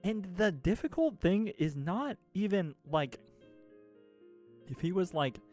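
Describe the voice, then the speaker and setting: Exasperated man ranting, higher voice. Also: big pitch swings, takes it slowly, a little mellow, faint music behind. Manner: exasperated, swears a lot, laughs mid-sentence; rambling with restarts and filler. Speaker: streamer. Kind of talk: casual ranting chat.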